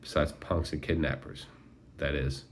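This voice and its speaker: Give me a cold, clipped strict teacher, as a male narrator does him, deep and low. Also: steady tone, measured pace, vocal fry, a little hiss or hum, full character voice. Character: stern older male schoolteacher, tied up.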